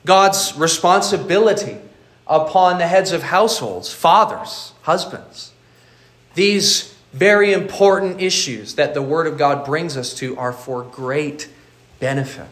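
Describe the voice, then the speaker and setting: A man's voice: fairly high pitch, measured pace, fairly bright tone. Earnest man preaching in an echoey hall. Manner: earnest preaching with frequent repeated words. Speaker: pastor. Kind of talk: sermon.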